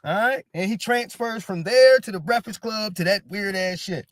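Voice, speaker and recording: A man hosting a casual live stream, retelling gossip in an animated way, punctuating nearly every line with "all right?" and acting out what others said. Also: high voice, moderate pace, no room sound. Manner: repeats "all right?" constantly, animated storytelling, acts out quotes. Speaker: host.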